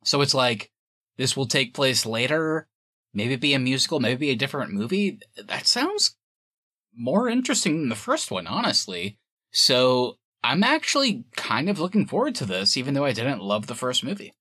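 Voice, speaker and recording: A man hosts a casual podcast chat, his voice swinging widely in pitch and staying bright and forward. He is animated and laughs often. The sound is dry and close. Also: moderate pace, no echo. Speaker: podcast host.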